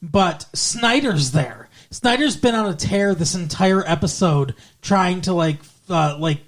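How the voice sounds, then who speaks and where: A man with a slightly raised pitch, chatting casually as a podcast co-host. He rambles through his recap and loosely peppers it with swearing and filler words. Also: lively intonation, unhurried. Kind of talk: casual chat recapping a TV episode.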